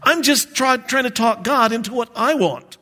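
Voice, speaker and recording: A male pastor delivers a sermon in a bright, high-pitched voice. He is animated and playful, acting out prayers and chuckling at himself between points. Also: moderate pace.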